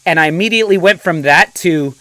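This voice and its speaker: An American man in his forties, a podcast guest telling animated stories and laughing often. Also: sits high, quick pace, no room sound. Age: 40s. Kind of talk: casual podcast chat.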